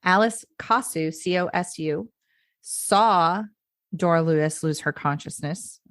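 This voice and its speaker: Lower-voiced woman podcast co-host, casual storyteller, lots of fillers, dry close mic. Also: a little slow, no room sound. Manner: chatty, laughs often, many fillers and restarts. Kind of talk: casual history podcast chat.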